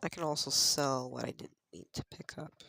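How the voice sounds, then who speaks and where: A streamer rambling through a farming game, half-singing the names of crops and scolding themself. The voice sits in a middle pitch with plenty of vocal fry. It is recorded close and dry, with no room sound. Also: moderate pace, sharp tone, no room sound. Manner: chatty, mutters item names in sing-song repeats. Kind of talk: casual gameplay commentary.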